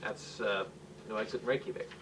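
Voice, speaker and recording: A man's voice: fairly low pitch, fairly even intonation, a little fast. A man reading his own stories aloud at home, in a plain manner with small slips and restarts. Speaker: amateur writer reading his own work. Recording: faint hiss, mic far off.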